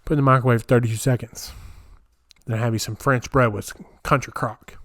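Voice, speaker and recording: A man's voice: mid-range voice, no room sound, clean studio sound. A young man hosting a solo comedic podcast, rambling and incredulous as he riffs while reading aloud. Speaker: podcast host. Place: small home room, camera on floor.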